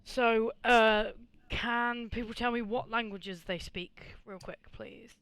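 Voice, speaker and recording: Bright, unhurried game master. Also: mid-range voice, clear, resonant tone. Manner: relaxed, with frequent ums and quick laughs. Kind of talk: running a live tabletop game.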